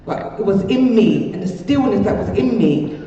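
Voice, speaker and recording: At a community peace event held in a large hall, an older woman from England delivers a heartfelt personal testimony that rambles and circles back to repeated phrases. She sounds animated and mellow, medium in pitch and normal in speed. The recording carries slight background noise and is muffled and echoey, captured from a distance.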